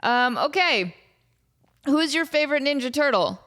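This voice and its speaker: Her voice sits high and sounds animated and fairly bright, yet she's unhurried. A podcast host in her thirties, she jokes through fan questions in casual chat with frequent fillers and asides, at home near Las Vegas.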